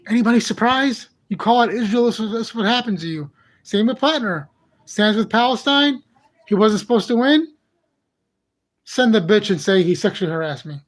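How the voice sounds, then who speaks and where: Brief: high-pitched man hosting his channel, angry profane rant, exasperated and repetitive. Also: lively intonation, normal speed. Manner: heated, profane, ranting. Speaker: channel host. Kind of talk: angry monologue vlog.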